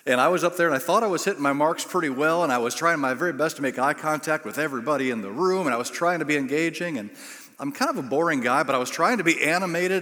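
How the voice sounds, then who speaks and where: A man's voice: on the high side, sharp tone. A middle-aged man preaching a sermon, telling self-deprecating stories and acting out the quotes. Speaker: pastor. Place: large church auditorium. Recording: long hall reverb.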